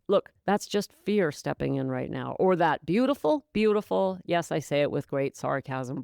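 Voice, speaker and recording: A woman's voice: low-pitched, vocal fry, a little mellow, smooth, no room sound, studio quality. A woman hosting a solo sobriety-coaching podcast, talking emphatically and encouragingly to her listener, calling them babe. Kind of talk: motivational solo podcast talk.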